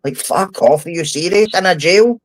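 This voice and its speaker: A man's voice: high-pitched, moderate pace, no room sound, low-quality recording. A Scottish man in casual podcast chat. He is blunt and heated and swears often. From Scotland. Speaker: podcast guest, former prisoner.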